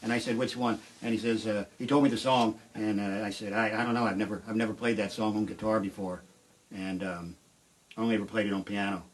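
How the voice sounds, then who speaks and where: A middle-aged man doing rambling, deadpan stand-up storytelling on a live stream from his shed, with sudden shouted outbursts. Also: on the low side, fast. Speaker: comedian and musician. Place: home shed.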